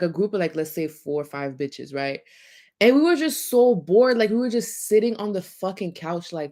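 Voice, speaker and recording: A young woman telling a casual storytime rant, animated and profane, leaning hard on "like", with loud bursts of emphasis and low muttered asides. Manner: animated, profane, heavy use of filler "like". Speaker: vlogger.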